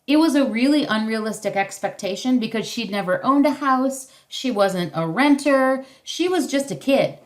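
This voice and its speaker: A woman's voice: fairly high pitch, expressive, normal speed, hardly any pauses. Woman presenter on a video call. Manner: conversational, acts out parent and child lines. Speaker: parenting workshop presenter. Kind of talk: casual instructional talk.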